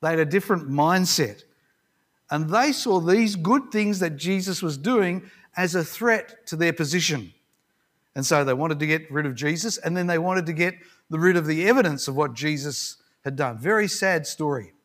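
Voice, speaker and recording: A man's voice: on the high side, moderate pace, a bit bright. Man preaching a conversational sermon. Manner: conversational, reflective, with occasional restarts.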